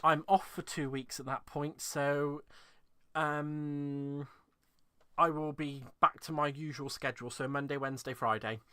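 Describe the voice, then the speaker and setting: Signing off his craft live stream, an English host speaks in a rambling, heartfelt way, on the verge of tears and laughing as he begins again. In a dry recording, his somewhat high voice keeps a steady tone, runs a little slow, and sounds pushed, bright, and clean.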